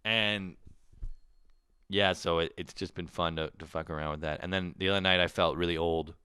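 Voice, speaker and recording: A man's voice: sits low, fairly even intonation, moderate pace, sharp tone, smooth, no echo, clean studio sound. A Canadian man in his twenties ranting profanely in a comedic monologue, swinging into bursts of mock voices. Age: 20s. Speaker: comedian podcast host.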